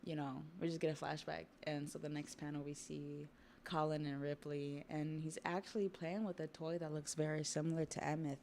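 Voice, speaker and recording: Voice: mid-range voice, little pitch movement, a little fast, vocal fry, darkish tone, slight background noise. Laid-back streamer recapping a comic. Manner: laid-back slang, frequent laughs and swearing. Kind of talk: casual livestream comic recap.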